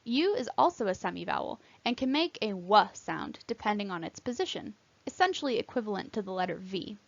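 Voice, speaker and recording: A woman teaching Latin pronunciation in scripted narration, clearly and carefully sounding out example words. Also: medium pitch, sing-song, fairly quick, no echo, highs cut off.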